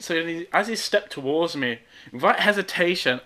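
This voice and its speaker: A young man with a Birmingham accent telling a story in animated, slangy casual chat, often laughing. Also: high-pitched, brisk. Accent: Birmingham English. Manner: animated, laughing, street slang, frequent tag questions. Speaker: guest storyteller.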